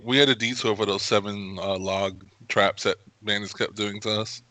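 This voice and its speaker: A laid-back man in a tabletop game, speaking low and easy. The sound is dry and close, with no room in it. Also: fairly even intonation, moderate pace, bright, forceful tone, dry recording, poor audio. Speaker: player.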